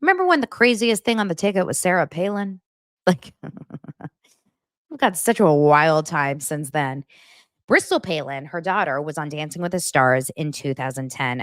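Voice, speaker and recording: A young adult woman hosting a casual celebrity gossip show, chatty and animated, jumping between stories with quick asides. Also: low-pitched, no echo, studio quality. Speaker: host.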